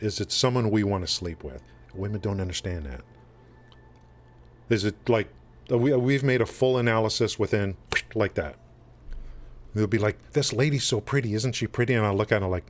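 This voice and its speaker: A man's voice: lowish voice, moderate pace, long pauses. A man hosting a live game stream, chatting loosely with his viewers, rambling with many restarts and fillers. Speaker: livestream host. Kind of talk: casual chat with stream chat.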